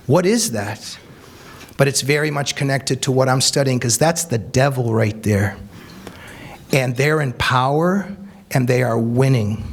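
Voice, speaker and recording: A man, an author, giving an earnest, emphatic speech to a live audience, telling anecdotes. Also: medium pitch. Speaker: author and speaker.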